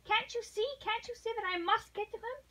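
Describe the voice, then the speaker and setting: Woman reading noble lady, impassioned, pleading, high voice, read-aloud novel. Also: quick pace, bright, forceful tone, far from the mic, rough recording.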